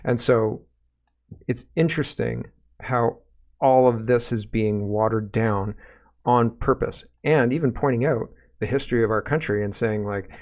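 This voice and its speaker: A Canadian man who hosts his own political commentary show speaks off the cuff in an ordinary, medium-pitched voice. He reads comments from viewers and reacts to them with a sarcastic, exasperated tone.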